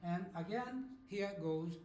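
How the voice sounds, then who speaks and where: A Brazilian man in his fifties, with a Brazilian Portuguese accent, teaches a beginner language lesson slowly and patiently, checking in with "okay?". His voice is high-pitched and a little mellow with lively intonation, and the room sounds echoey.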